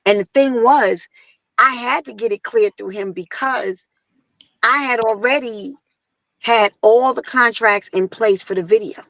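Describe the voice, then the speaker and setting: A woman singer telling a story in casual conversation, acting out other people's lines in a higher voice. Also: a little slow, dry recording, rough recording. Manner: animated, acts out quotes in a higher voice. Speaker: guest singer.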